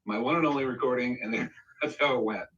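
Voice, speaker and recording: Fast and mid-pitched, a guest on a live stream animatedly relates something that happened in a recording studio, acting out what was said. His mic is far off and the audio comes through dull, though the tone stays casual.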